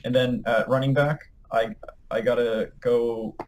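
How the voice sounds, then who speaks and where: A man's voice: medium pitch, steady tone, unhurried, poor audio. A man co-hosting a podcast in casual sports banter, brash and profane, stumbling over his words now and then. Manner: brash, profane trash talk. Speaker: podcast co-host.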